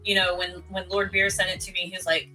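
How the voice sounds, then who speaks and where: An eager panelist chats on a gaming podcast, quick to joke and stumbling over repeated words. The voice sits mid-range and bright, with faint music behind. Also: medium pitch, level tone, poor audio. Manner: enthusiastic, repeats words, joking. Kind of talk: casual panel chat.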